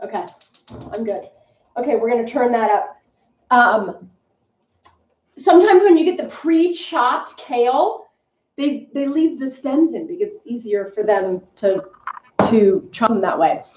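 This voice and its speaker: A woman's voice: fairly high pitch, animated, a little slow, a little mellow. A woman casually chatting through a live home cooking demo, rambling and scattered as she works in her kitchen. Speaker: cooking vlogger. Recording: roomy, distant, dull mic.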